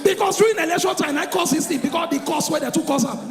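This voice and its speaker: A man with a Nigerian accent doing live stand-up comedy, telling stories loudly and with energy in Pidgin. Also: very high-pitched, quick pace, over music. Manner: loud, animated storytelling in Pidgin. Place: large venue stage before an audience. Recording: echoey hall with crowd noise.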